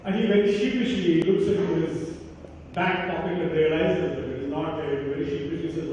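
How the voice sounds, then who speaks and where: A man's voice: on the high side, slight background noise. Man telling a story in an echoey hall. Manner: measured, expressive storyteller who voices the characters. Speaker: speaker at a college Christmas celebration. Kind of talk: storytelling address. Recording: echoey hall from far, dull sound.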